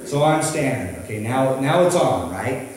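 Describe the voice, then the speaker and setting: A middle-aged man and pastor telling a story in a sermon, rambling and animated with many restarts. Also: medium pitch, moderate pace. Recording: echoey hall from far off.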